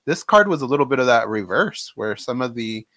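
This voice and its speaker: Relaxed man talking fight sports. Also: medium pitch, brisk, no echo, studio quality. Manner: relaxed, conversational, many fillers. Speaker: co-host. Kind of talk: casual sports talk. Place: home studio.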